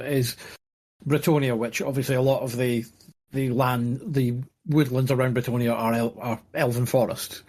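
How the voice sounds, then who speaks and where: A man co-hosts a podcast in a casual, rambling way and often restarts his sentences. His voice sits at a middle pitch for a man. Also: a little mellow. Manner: rambling, restarts and searches for words. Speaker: podcast co-host. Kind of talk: casual chat.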